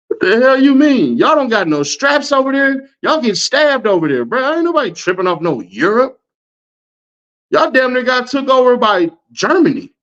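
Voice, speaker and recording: A man, an online commentator, ranting at viewer comments in animated slang and laughing often. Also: very high voice, unhurried, pauses often. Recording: dull lo-fi audio.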